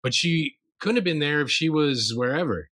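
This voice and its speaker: A man's voice: on the high side, expressive, normal speed, bright, forceful tone. A man co-hosting a podcast, casually chatting about a movie and eagerly laying out his own theories. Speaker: podcast co-host. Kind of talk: casual film breakdown chat.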